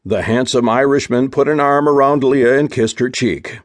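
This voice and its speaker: A man reading a romance audiobook in measured, unhurried storytelling. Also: mid-range voice, darkish tone, no room sound, studio quality. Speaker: audiobook narrator. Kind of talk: scripted narration.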